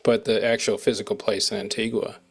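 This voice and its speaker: A man's voice: lowish voice, flat delivery, fairly quick, gravelly, husky. A man hosting a casual interview, rambling and trailing off mid-sentence as he asks questions. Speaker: interviewer host.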